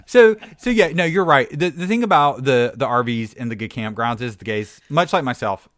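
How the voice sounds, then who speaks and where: A man with a light Southern American accent tells loose, rambling stories, scattering "like" and "you know" all through them. His voice sits at an ordinary pitch. The recording is dry and close, with no room sound. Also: animated, moderate pace, a bit bright, no room sound. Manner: rambling, filler-heavy storytelling with lots of "like". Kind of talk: casual chat.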